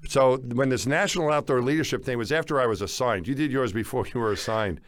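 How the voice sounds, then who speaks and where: A lively man telling a story, dry sound. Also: fast talker, dry recording. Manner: animated, acts out quoted dialogue with rising pitch. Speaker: former astronaut, podcast co-host. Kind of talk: casual storytelling chat.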